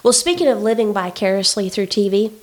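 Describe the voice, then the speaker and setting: A woman telling a story in casual chat, animated and indignant, with many fillers. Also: medium pitch, brisk.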